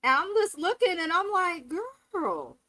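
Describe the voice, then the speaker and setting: A woman with a high, bright voice hosts a live recap of a reality show. She talks candidly and swears freely, acting out the cast's lines as she goes. Her voice sounds close and dry. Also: animated, measured pace, no echo, poor audio. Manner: candid, profane, dramatic quoting of cast members. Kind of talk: live casual review commentary.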